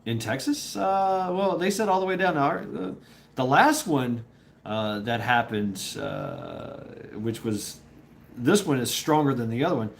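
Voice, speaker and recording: This man streams live and tells his viewers a rambling story full of profanity, laughing a lot along the way. He speaks a little slowly in a medium-pitched, creaky voice with big pitch swings. A little hiss or hum is audible.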